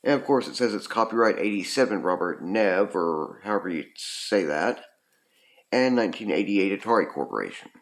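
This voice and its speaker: A man's voice: on the low side, expressive, moderate pace. A man casually reviewing a retro video game, rambling with lots of ums and uhs. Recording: roomy echo.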